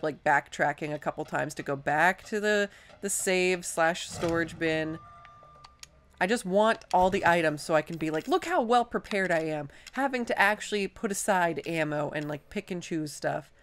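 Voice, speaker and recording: Woman let's-play host, lowish voice, talking through her game in a chatty, self-mocking way. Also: normal speed, a bit bright. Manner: chatty, self-deprecating, thinks aloud. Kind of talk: casual gameplay commentary.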